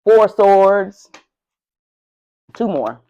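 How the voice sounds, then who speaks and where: A woman's voice: mid-range voice, animated, drawn-out words, dark tone, lo-fi sound. A woman doing a casual tarot reading to camera, sassy and profane, talking straight to the viewer with lots of animation. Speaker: tarot reader. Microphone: camera mic, speaking to camera.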